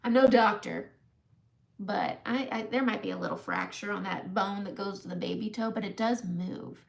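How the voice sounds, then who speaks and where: A mid-range voice with vocal fry, moving at a moderate pace: a woman in her forties recounts a long, funny story on a makeup live stream. Chatty and self-deprecating, she frequently laughs at herself throughout the casual chat.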